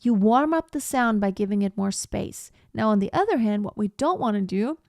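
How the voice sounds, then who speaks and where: A woman teaching a live online singing lesson, explaining slowly and breaking off to sing short phrases as demonstrations. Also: medium pitch, lively intonation, gravelly, darkish tone, dry recording, studio quality.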